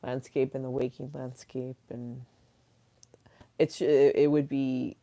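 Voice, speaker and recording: A woman's voice: rumbling low, level tone, slow, warm tone. A woman hosting a casual livestream, chatting freely with viewers, swearing and laughing at her own stories. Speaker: livestream host reading chat.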